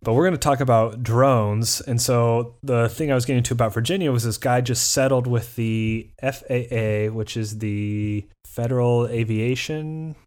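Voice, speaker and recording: A man from the American Midwest co-hosting a legal business podcast in casual, laid-back chat, often trailing off quietly. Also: medium pitch, fairly even intonation, normal speed, hardly any pauses. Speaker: podcast co-host and lawyer.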